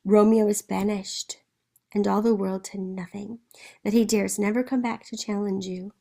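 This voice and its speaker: A woman's voice: mid-range voice, little pitch movement, moderate pace, creaky, mellow. Blunt old nurse urging marriage, read by a woman teacher. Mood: persuasive. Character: practical older nurse giving blunt advice.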